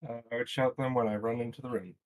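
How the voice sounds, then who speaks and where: A man playing a tabletop game speaks in short, matter-of-fact remarks. His voice sits at a middle pitch. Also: fairly even intonation, fast, low-quality recording. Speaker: player. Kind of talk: casual tabletop play.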